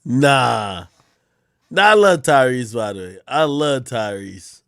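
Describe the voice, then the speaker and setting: Male streamer, casual mocking commentary, animated delivery, dry booth. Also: mid-range voice, takes it slowly, gravelly, no room sound. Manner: mocking, profane, laughs at clips. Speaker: streamer reacting to clips.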